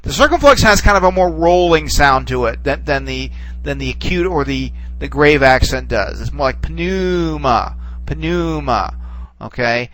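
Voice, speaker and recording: A man teaching a recorded lesson, relaxed and reassuring, who stops and restarts often and checks in with "okay.". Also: medium pitch, low-quality recording. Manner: halting, full of restarts and "okay"s. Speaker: Greek teacher. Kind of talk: recorded classroom lecture.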